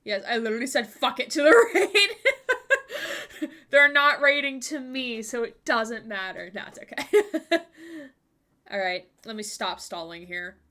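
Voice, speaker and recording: A woman's voice: on the high side, very animated, a little slow, bright, forceful tone. A young woman streaming live, chatting with viewers in a bubbly, giggly way at a desk microphone. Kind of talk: casual live-stream chat.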